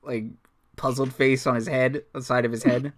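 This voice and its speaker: A man's voice: medium pitch, level tone, normal speed. A man narrating a tabletop game as game master, rambling along with lots of ums and likes.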